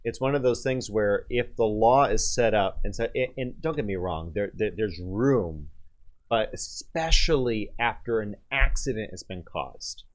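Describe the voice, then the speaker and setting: A man's voice: on the low side, animated, unhurried. A man hosting a radio talk show, speaking casually into a studio microphone and stopping often on fillers and restarts. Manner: hesitant, many fillers and restarts.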